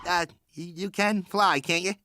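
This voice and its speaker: An actor playing an old grandfather dragon who mentors his grandson, gruff and wry, in a cartoon clip. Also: sits high, steady tone, a little slow, sharp tone, no room sound, soft background music. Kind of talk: cartoon voice acting.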